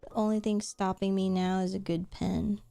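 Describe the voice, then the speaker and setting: A woman's voice: mid-range voice, level tone, normal speed, gravelly, mellow, faint music behind. A woman streamer chatting casually with her viewers while drawing, answering chat, giggling often and swearing offhandedly.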